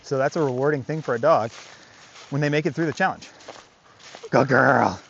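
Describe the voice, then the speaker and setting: A man's voice: a little high, fast talker, highs cut off, a little hiss or hum. A man working as a dog trainer, explaining his methods in casual commentary outdoors by a creek, often asking rhetorical questions and adding "right?".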